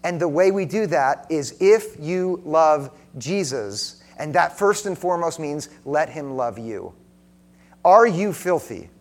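A man preaching a sermon to a congregation, earnest and direct, often asking the listeners questions and dropping into softer, intimate tones. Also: a little high, lively intonation, slow pace.

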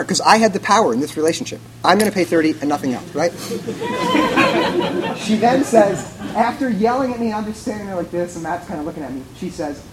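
A man's voice: a little high, lively intonation, fast talker, noisy background. A man giving a sermon in a church, telling a conversational, self-mocking personal story and acting out the dialogue. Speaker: pastor.

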